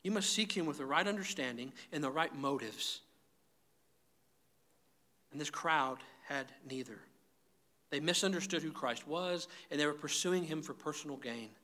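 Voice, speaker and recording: A man's voice: a little high, normal speed, pauses often, pushed and bright. A man preaching a sermon, emphatic and direct, often calling his listeners "guys". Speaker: pastor.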